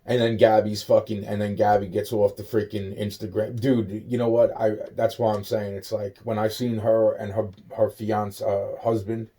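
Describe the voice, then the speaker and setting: A young man rants in a rambling, agitated stream, swearing constantly and circling back over the same words. His voice sits low with a dark, mellow tone, and he often drops into muttered asides. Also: flat delivery, moderate pace, hardly any pauses. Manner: profane, repetitive, trailing off into muttered asides. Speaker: monologue speaker.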